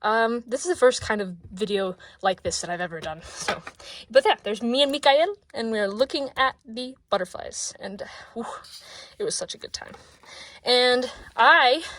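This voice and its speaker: A woman in her twenties sits at her desk for a casual sketchbook tour vlog, sounding out of breath. Her fairly high voice rambles excitedly and often drops into soft mumbles, and there is no room sound.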